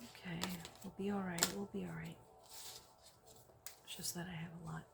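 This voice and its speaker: A woman giving a psychic reading, soft-spoken and gently reassuring, often dropping to a whisper and checking in with "okay?". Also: lowish voice, fairly even intonation, normal speed, vocal fry, background noise. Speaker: psychic reader.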